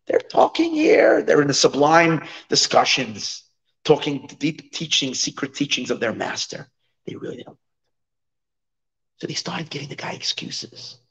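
Animated storytelling rabbi. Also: male voice, fairly high pitch, a little slow, creaky, low-quality recording. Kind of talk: sermon storytelling.

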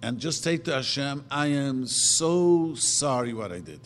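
A man preaching a sermon emphatically, asking rhetorical questions and slowly chanting verses. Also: medium pitch, animated. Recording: long reverb of a hall.

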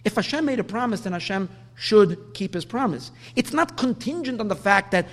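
A man teaching a Talmudic lecture, explaining the text and drawing out the Hebrew quotes slowly. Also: high-pitched, expressive. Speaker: Torah teacher.

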